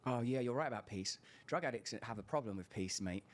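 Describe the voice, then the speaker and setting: A man speaking as a podcast guest, reflective and animated, sometimes rising into high exclamations. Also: a little fast, background noise. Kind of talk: interview conversation.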